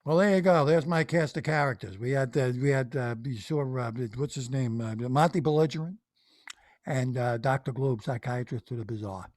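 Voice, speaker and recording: A man's voice: medium pitch, normal speed, few pauses, a little mellow, no echo, clean studio sound. A male comedian hosting a solo comedy episode, joking in a scattered, stumbling way. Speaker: comedian host.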